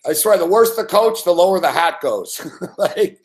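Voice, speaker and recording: A man's voice: high-pitched, expressive, moderate pace, a little mellow. A man giving a live sports betting rant, profane and exasperated.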